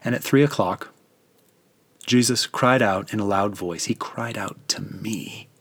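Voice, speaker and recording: A man's voice: lowish voice, husky, dry recording. A man as solemn, grieving God the Father. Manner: solemn, measured, tender. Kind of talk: dramatic scripture narration.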